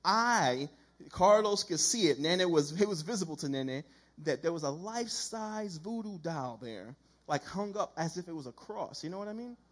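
A man delivers a sermon as a lively, conversational story and slips into the voices of the people he quotes. His voice is husky and sits fairly high for a man. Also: moderate pace. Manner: conversational, animated, acts out quoted dialogue. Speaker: preacher.

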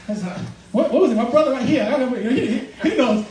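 A man preaching a sermon in a church, loose and joking, laughing through his points. His voice sits high and moves fast. The mic is set back, so the sound is roomy with faint noise behind. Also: expressive, far from the mic, a crowd in the background. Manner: casual, joking, laughs often while preaching. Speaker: pastor.

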